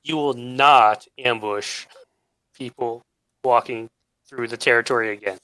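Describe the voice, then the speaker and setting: Man player, bright forceful tone, earnest in-character talk. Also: medium pitch, steady tone, measured pace, dry recording, low-quality recording. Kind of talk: casual tabletop game chat.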